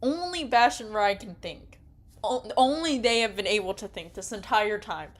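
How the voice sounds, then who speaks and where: Excitable young woman reading a story game. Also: medium pitch, normal speed. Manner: excitable, yells and laughs at the story. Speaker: game streamer. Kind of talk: reading an interactive story aloud with reactions.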